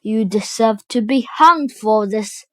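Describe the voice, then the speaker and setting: A woman's voice: a little high, slow, fairly bright tone, dry recording. A woman voicing a hot-tempered young boy prince in a storybook, with indignant, commanding outbursts.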